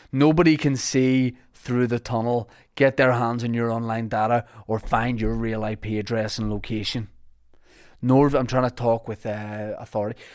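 A man with a Northern Irish accent hosting a podcast, chatting jokily and reading sponsor ads in a rambling, loose way. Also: fairly low pitch. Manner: rambling, jokey, with fillers and restarts. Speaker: podcast host. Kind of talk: casual podcast chat and sponsor reads.

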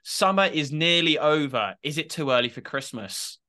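A man's voice: fairly high pitch, lively intonation, normal speed, bright, forceful tone. A man co-hosting a podcast in casual chat, self-mocking and full of "like" fillers. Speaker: podcast co-host.

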